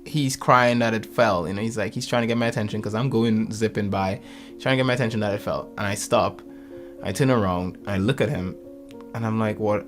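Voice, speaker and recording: A man in his thirties casually telling a lively story about his kids, acting out their lines and laughing often. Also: on the low side, fairly quick, soft background music. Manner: animated, acts out family quotes, laughs often. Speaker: podcast co-host.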